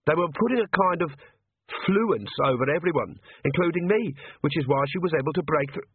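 A man's voice: fairly high pitch, lively intonation, brisk, slightly rough, dry recording, phone-quality sound, voice pushed up. A man voicing a flustered, self-conscious young witch who argues with a voice inside her head. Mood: urgent. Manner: exasperated, arguing with an inner voice.

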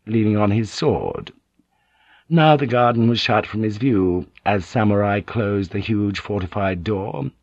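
Man, audiobook narrator, low voice, even deliberate reading, dull dry tape. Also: no echo.

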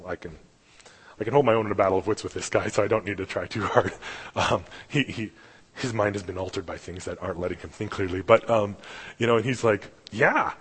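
Conversational lay preacher in a reverberant hall. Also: male voice, low-pitched, breathy edge. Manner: rambling, conversational, many restarts and fillers; acts out quoted dialogue in his stories. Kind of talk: casual sermon with storytelling. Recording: echoey hall, long reverb.

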